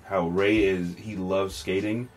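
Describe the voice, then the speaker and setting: A man's voice: low-pitched, little pitch movement, takes it slowly. A man co-hosting a podcast, talking loosely about a film in casual chat and swearing freely. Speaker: podcast co-host.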